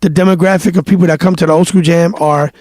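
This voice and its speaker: New man in his thirties, high-pitched, dry close mic; animated guest storyteller. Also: fast talker, no echo. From New York. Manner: animated storyteller, acts out quotes, swears freely. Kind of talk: casual interview storytelling.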